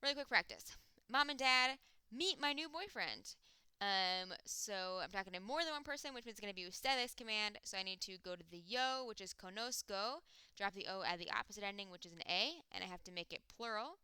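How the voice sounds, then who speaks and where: Bright, crisp-voiced woman teaching. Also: medium pitch, expressive, no room sound. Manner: methodical, step-by-step explaining; slows to spell out example words. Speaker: Spanish teacher. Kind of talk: recorded grammar lesson.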